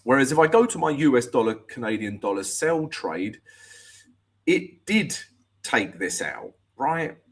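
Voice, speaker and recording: A man's voice: medium pitch, big pitch swings, measured pace. A man hosting a live trading show, chatting casually through chart analysis and talking to viewers.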